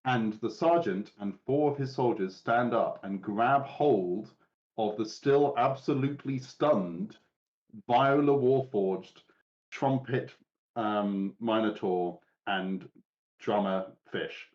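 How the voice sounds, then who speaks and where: Low, calm male game master over slightly dull stream audio. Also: takes it slowly. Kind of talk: narrating a tabletop game.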